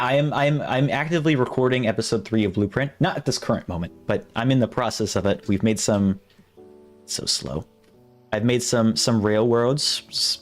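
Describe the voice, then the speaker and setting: A man with a lowish voice chatting loosely on a live stream, trailing off and restarting his sentences as he goes. Faint music plays under him. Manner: rambling and self-interrupting, breaking off to test impressions. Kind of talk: casual live-stream chat.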